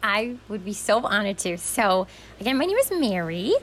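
Gentle, effusive young woman guest. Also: medium pitch, sing-song, moderate pace, rough recording. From Western New York. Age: young adult. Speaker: podcast guest. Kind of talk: casual chat.

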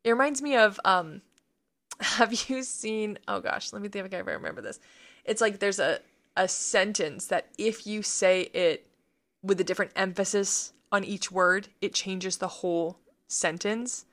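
Woman, podcast co-host, casual faith chat, animated, laughs often, acts out quotes, mid-pitched voice. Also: a little slow.

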